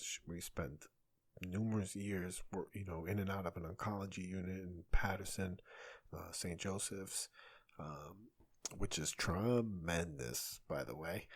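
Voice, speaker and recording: Deep-voiced husky man rambling candidly. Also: darkish tone, dry recording. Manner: rambling, candid, swears freely. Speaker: podcast host. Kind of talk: casual solo podcast monologue.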